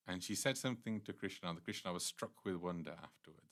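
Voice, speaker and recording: A man's voice: sits low, a little fast, a bit bright. A man giving a devotional temple class, earnestly retelling scripture stories at length.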